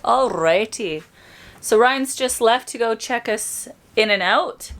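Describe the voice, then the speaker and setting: A woman's voice: mid-range voice, a bit bright. A young woman crewing a sailboat, chatting casually in a vlog with playful, teasing banter. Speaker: sailing crew and co-host. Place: on a sailing yacht. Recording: outdoor recording with clear background noise.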